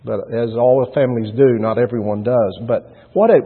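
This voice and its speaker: A middle-aged man preaches a sermon, telling stories with earnest feeling and pressing his points with rising emphasis. His voice is a little husky and comes through a thin, phone-like radio broadcast. A long reverb trails each phrase. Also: medium pitch, a little fast, few pauses. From Texas panhandle. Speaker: pastor.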